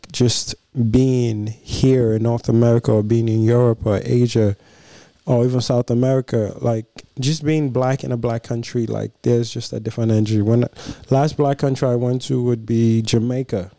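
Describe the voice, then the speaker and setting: A man's voice: mid-range voice, vocal fry, mellow, no echo. A young man from Nigeria co-hosting a podcast in casual, joking chat, rambling with fillers. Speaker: podcast co-host.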